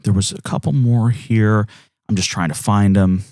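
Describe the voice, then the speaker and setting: Jokey low-voiced male podcast co-host. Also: normal speed, no room sound, clean studio sound. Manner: jokey, animated, with many restarts. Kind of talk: casual chat, reading listener comments.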